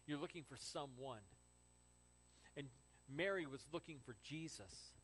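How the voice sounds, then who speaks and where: Male preacher, sermon, animated narrator swinging from hushed to loud. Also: on the high side, unhurried, a little hiss or hum, rough recording. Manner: animated storytelling, from hushed to exclaiming. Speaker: pastor.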